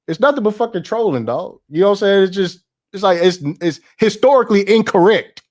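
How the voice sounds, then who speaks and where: High-voiced profane man ranting casually. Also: lively intonation, brisk, a little mellow. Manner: profane, laughing, slangy, repeats himself. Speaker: podcast host. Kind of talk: casual livestream rant.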